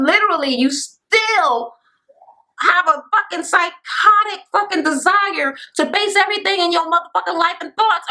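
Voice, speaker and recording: High, bright woman ranting bluntly. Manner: blunt, heavy swearing, mimics people she quotes. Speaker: reality TV recap vlogger. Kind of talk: profane reality show recap rant.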